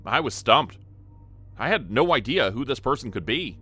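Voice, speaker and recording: A man's voice: medium pitch, very animated, moderate pace, sharp tone, slightly rough. A man narrating a first-person horror story in an earnest, scripted telling.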